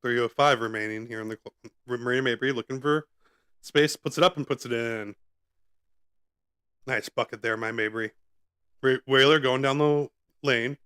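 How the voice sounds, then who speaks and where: A man hosting a live stream from home, giving casual play-by-play commentary in a relaxed, chatty way with frequent asides and fillers, speaking close to his microphone. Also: mid-range voice, normal speed, long pauses, clean tone. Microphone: close microphone in front of his face.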